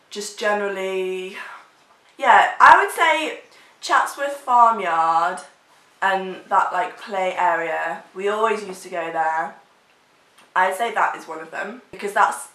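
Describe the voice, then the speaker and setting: A woman's voice: medium pitch, bright, forceful tone. Woman, young adult, vlogger, chatty and rambly, casual chat, roomy echo. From England. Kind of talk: casual chat answering tag questions.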